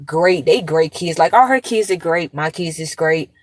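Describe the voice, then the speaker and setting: A woman in her thirties, a mother of two, talking straight to her viewers in a blunt, cursing, animated commentary rant. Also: deep voice, moderate pace, no echo.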